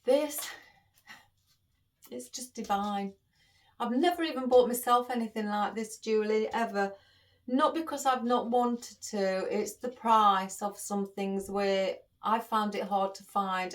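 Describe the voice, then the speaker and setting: A woman florist chatting to her viewers in a casual vlog, emotional and holding back tears. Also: mid-range voice. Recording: voice a bit far from the mic.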